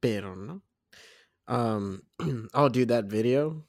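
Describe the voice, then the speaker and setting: A young man co-hosting a casual podcast, amused and teasing, quick to laugh. His voice is gravelly with a lot of fry. The recording is very dry, with no room sound at all. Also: mid-range voice, lively intonation, a little mellow, no echo. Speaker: podcast co-host. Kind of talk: casual chat.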